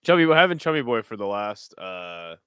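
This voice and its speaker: A relaxed, foul-mouthed man hosts a late-night fight watch-along and trades jokes with his chat. His voice comes through smooth and clear, recorded dry on a close desk mic with no room sound. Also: on the low side, moderate pace, no room sound. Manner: laid-back, profane, jokey asides to chat. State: tired, burping. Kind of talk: casual live commentary.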